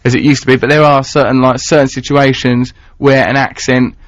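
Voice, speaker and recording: A man's voice: medium pitch, level tone, fairly quick, no room sound. A man with an Essex accent hosting casual radio chat, playful and theatrical, sometimes slipping into put-on voices. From England. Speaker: radio host. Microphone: studio mic. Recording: dry, dull lo-fi radio broadcast.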